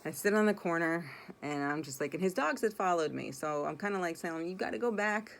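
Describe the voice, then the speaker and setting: A woman's voice: low-pitched, brisk, vocal fry. A woman telling a personal story in a casual, rambling way, blunt and swearing freely. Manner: rambling, self-correcting delivery.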